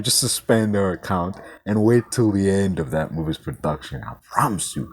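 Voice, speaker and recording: A man's voice: lowish voice, a little hiss or hum. Exasperated, profane male podcast host. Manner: profane, exasperated, swings between shouts and mutters. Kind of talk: ranting solo commentary.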